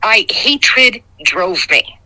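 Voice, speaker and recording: A woman, calling into a talk show and telling a personal story in a candid, halting, emotional way. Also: mid-range voice, sing-song, pushed and bright, low-quality recording. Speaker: caller.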